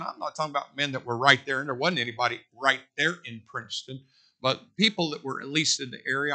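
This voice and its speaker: A man preaching from the pulpit. His tone is very bright and forceful. He talks in a folksy way and climbs to loud, emphatic peaks. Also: mid-range voice. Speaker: pastor. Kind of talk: sermon.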